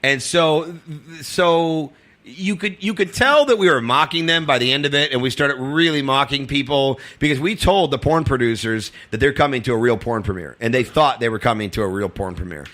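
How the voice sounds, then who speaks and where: A man's voice: mid-range voice, normal speed, a bit bright. A comedian telling casual, rambling stories, often laughing as he talks. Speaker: comedian guest. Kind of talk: casual storytelling.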